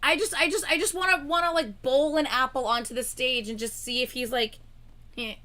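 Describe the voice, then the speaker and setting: A woman co-hosting a casual reaction livestream, excitable, with loud exclamations and cursing. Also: sits high, a little fast. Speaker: livestream co-host.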